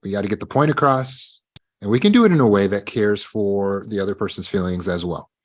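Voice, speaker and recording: A man's voice: fairly low pitch, brisk. A man teaching a self-help lecture, emphatic, speaking straight to his students and acting out the lines of the people in his examples. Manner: emphatic, talks straight to his students, acts out quoted speech. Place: live online meeting.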